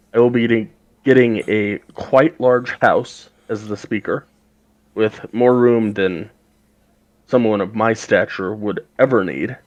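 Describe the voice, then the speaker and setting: A man's voice: mid-range voice, a little mellow, dry recording, lo-fi sound, lightly acted. A man voicing a shy, formal male town speaker who stumbles over his words.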